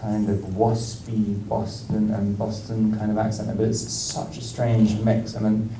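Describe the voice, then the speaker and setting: A man's voice: lowish voice, monotone, noisy background. A man with a British accent, speaking in an on-stage Q&A with many fillers, restarts and frequent laughter. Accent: British English. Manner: halting, rambling, lots of fillers and restarts, laughs often. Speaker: actor, festival guest. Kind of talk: on-stage Q&A conversation. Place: festival stage in a large room. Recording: roomy hall sound, miked from far off.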